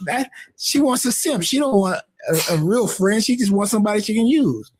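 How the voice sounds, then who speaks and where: A man in his sixties on a discussion panel, speaking in a measured way with stammering restarts. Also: high voice, lively intonation, noisy background. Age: 60s. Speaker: panel guest.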